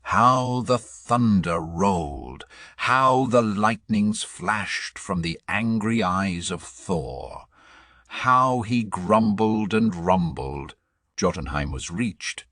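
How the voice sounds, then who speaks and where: A man narrating a storybook audiobook in a measured, dramatic reading. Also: fairly low pitch, expressive, sharp tone, no room sound, clean studio sound.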